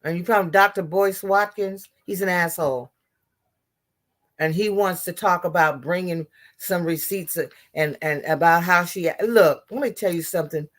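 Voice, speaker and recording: A woman's voice: on the low side, moderate pace. A woman giving impassioned political commentary, blunt and profane, often restarting her sentences.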